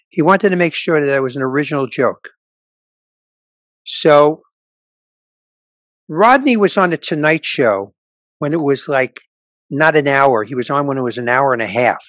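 A man's voice: fairly high pitch, normal speed, long pauses, dry recording. An older male stand-up comedian telling stories in a casual interview, acting out the people he quotes. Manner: animated anecdote teller, quotes people in voices.

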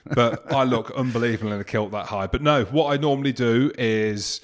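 A man from England chats on a podcast in a loose, self-mocking tone. He jokes his way through the talk in a plain, mid-pitched voice. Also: brisk. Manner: jokey, self-mocking banter. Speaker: podcast co-host. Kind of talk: casual podcast chat.

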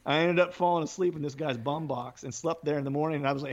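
Musician guest, male, gravelly voice, loose rambling storyteller, dull lo-fi recording. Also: on the high side, quick pace, few pauses. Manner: rambling, peppered with fillers, laughing often. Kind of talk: casual storytelling.

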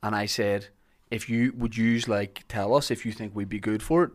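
A man's voice: lowish voice, steady tone, moderate pace. A Northern Irish man hosting a podcast, chatting casually and telling rambling anecdotes with frequent laughs. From Northern Ireland. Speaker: podcast host. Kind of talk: casual chat.

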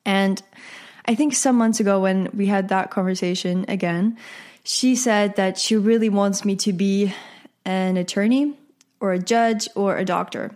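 A woman's voice: mid-range voice, normal speed, darkish tone. A teenage girl hosting her own podcast, talking casually in a chatty, rambling way with asides and self-corrections. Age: teens. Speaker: podcast host. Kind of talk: casual solo podcast chat.

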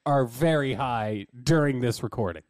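Deadpan man, dry close voice. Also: medium pitch, moderate pace, no room sound. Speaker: podcast co-host. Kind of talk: casual joking chat.

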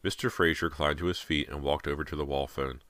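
A man reading a horror novel aloud in a measured, steady voice, close to the mic. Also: rumbling low, dry recording. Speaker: audiobook narrator. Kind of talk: scripted horror narration.

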